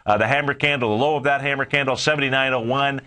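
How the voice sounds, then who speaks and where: A man's voice: mid-range voice, fairly even intonation, fast talker, pushed and bright. A man hosting a live trading show, walking viewers through market charts in a folksy way with frequent fillers.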